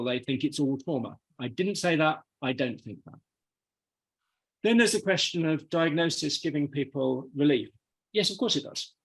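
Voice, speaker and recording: A man's voice: mid-range voice, husky. A British man, a professor, answering an audience question at a public talk, emphatic and given to insistent repetition. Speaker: psychology professor giving a talk. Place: meeting hall.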